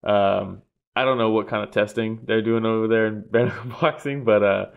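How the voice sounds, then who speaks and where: A man co-hosting a casual sports podcast, telling stories in an animated way, laughing often and swearing freely. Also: fairly low pitch, moderate pace, creaky, clean tone, muffled recording. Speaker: podcast co-host.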